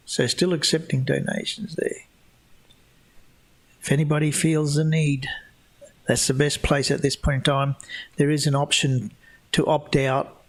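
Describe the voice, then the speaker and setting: A man hosts a casual livestream Q&A, rambling through chat questions with many restarts and a scornful tone toward flat-earth believers. His voice is on the high side, measured in pace, with frequent pauses.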